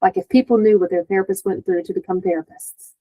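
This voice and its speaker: A woman with a slightly husky voice, guesting on a podcast. She tells stories in a chatty, animated way, full of "like" fillers. Her pitch sits in a middle range. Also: fast talker, rough recording. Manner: animated storytelling, many "like" fillers, acts out quotes. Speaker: therapist, guest. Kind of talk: casual podcast conversation.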